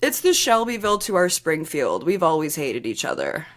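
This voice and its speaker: A chatty woman co-hosting a podcast, rambling casually and padding her talk with filler words. Her voice sits a little low for a woman, and she laughs easily. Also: sing-song, normal speed. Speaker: podcast co-host. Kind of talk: casual chat.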